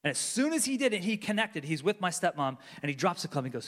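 Brief: man in his 40s, pastor, sermon delivery, fairly high voice, long church-hall reverb, urgent then hushed. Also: sing-song, fairly quick. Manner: swings between loud urgency and hushed near-whispers. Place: large church sanctuary.

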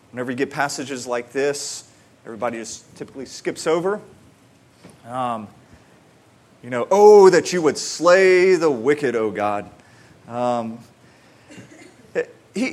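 Here a pastor, a man whose voice sits a little high, gives a sermon that feels like conversation. He repeats words when starting sentences and alternates between energetic emphasis and calm, unhurried reflection.

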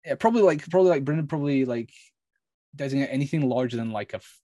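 A man's voice: mid-range voice, expressive, quick pace, warm tone, no echo. A man playing a tabletop game, talking in a rambling way full of fillers as he explains his moves. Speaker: player.

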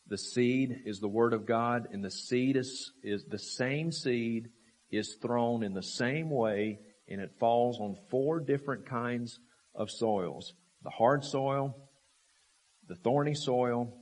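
In an emphatic sermon, a preacher fires off rhetorical questions and repeats key phrases. His delivery swings between loud, forceful lines and low, quiet ones.

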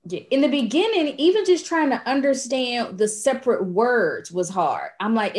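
A young adult woman chatting casually as a podcast guest, telling lively stories and acting out what people said. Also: fairly high pitch, normal speed. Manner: animated storyteller acting out quoted voices. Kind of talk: casual chat.

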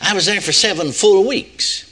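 Older male preacher, folksy storyteller, fairly high voice and bright tone. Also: moderate pace. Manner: animated, folksy, emphatic repetition. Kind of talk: storytelling sermon.

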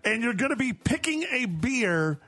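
A man's voice: very high voice, very animated, moderate pace, pushed and bright, no room sound. A man hosting a radio morning show, chatting in a playful, self-deprecating way. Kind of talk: casual chat.

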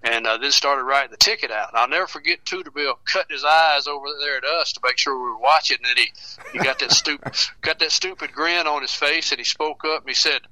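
Guy telling a folksy story on radio, super bright voice, laughs a lot, dry studio mic. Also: a little high, dry recording, poor audio. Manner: chuckles through his tales, halting repeats.

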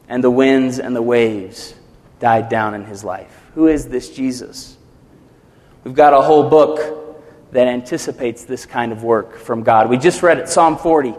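Male pastor, animated sermon delivery with dramatic swells, fairly high voice, long hall reverb. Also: moderate pace. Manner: animated preaching, acting out quotes with swells and drops.

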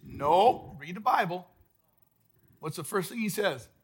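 A man preaching a sermon as pastor at a church service, emphatic, swinging between loud outbursts and hushed, soft lines. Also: high voice, lively intonation, unhurried, slightly rough.

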